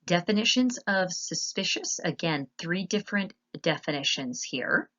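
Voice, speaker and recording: A woman with a notably low voice talks through a slide lesson as a teacher. She explains patiently and spells words out slowly. The audio is a little dull and muffled. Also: animated, a bit bright.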